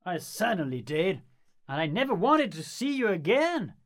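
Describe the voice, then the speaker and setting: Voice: mid-range voice, very animated, moderate pace. An actor playing Lysander, a fickle young nobleman who speaks bluntly and scornfully, in an amateur stage-play reading. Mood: cold.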